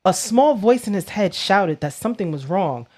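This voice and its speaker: A woman co-hosting a podcast, casually recapping a book chapter with animated storytelling, slangy asides and playful swearing. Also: medium pitch, moderate pace. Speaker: podcast co-host.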